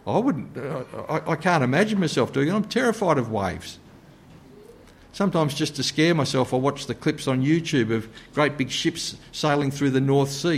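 A man preaching a sermon in an earnest way, sometimes dropping to a soft, low voice to stress a point.

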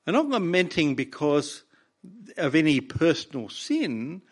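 A man's voice: fairly high pitch, sing-song, unhurried, husky. A man preaching a sermon, reading scripture with raw emotion between plainly explained points.

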